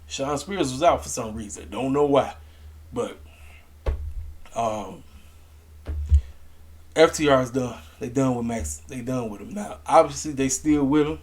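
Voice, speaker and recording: A man giving casual, emphatic wrestling commentary to camera, talking in a slangy, animated way. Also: medium pitch, measured pace, pauses often. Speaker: wrestling review vlogger.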